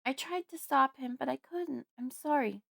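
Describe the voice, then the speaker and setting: A woman's voice: sits high, normal speed, creaky, fairly bright tone, no echo, clean studio sound, voice pushed up. Woman voicing a sobbing five-year-old girl. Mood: tearful. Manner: tearful, pleading. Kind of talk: audiobook character voice.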